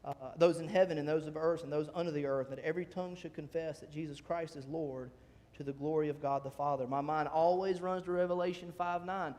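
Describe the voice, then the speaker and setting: A male pastor preaching a sermon in a church sanctuary, talking conversationally and rising in pitch on emphatic questions. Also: fairly even intonation, a little fast, darkish tone. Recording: long church hall reverb.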